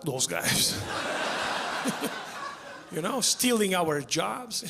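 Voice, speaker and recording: Comedian, high voice, unhurried. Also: male voice, gravelly, heavy background noise. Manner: deadpan delivery, laughing at own jokes. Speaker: stand-up comedian. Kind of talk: stand-up comedy set. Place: theater stage before a live audience. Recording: live show with crowd laughter. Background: audience laughter.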